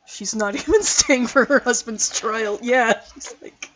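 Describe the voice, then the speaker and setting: A woman's voice: on the high side, expressive, slow pace, long pauses, over music. A woman streamer giving casual, playful commentary over a game, giggling between remarks.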